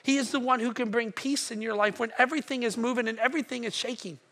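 High, bright-voiced emphatic male preacher. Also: fast talker. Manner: emphatic, repeats phrases, drops to hushed tones for quotes. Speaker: pastor. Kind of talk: sermon.

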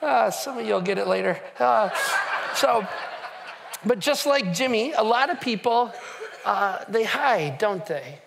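A male pastor with a high-pitched voice delivers a conversational sermon. He speaks directly to the congregation, asking them questions and restarting his sentences as he goes. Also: lively intonation, unhurried, creaky, background noise. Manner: conversational, with frequent fillers and restarts.

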